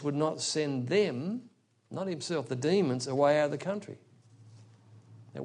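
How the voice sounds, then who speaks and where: A man's voice: mid-range voice, darkish tone. Man preaching an expository sermon. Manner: explains scripture verse by verse, rhetorical asides.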